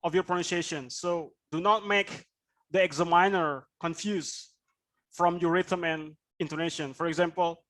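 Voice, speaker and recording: High-voiced man teaching a class. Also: normal speed, fairly bright tone. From Indonesia. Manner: explanatory, with frequent "right?" tag questions. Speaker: IELTS speaking instructor.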